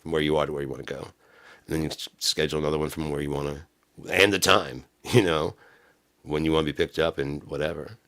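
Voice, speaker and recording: A man vlogging, telling a casual story with lively laughs and playing both sides of a chat. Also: a bass voice, quick pace. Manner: animated, laughs often, acts out both sides of a conversation.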